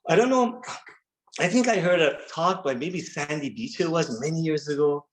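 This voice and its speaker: A man in his thirties sharing his recovery story at a workshop, earnest and halting, often repeating words as he restarts. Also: fairly high pitch, lively intonation, low-quality recording. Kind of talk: personal recovery share.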